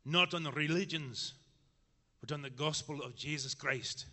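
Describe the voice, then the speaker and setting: A man with an Irish accent reading a quotation aloud, measured and solemn. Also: a little high, sharp tone. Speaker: scripture reader. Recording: long hall reverb.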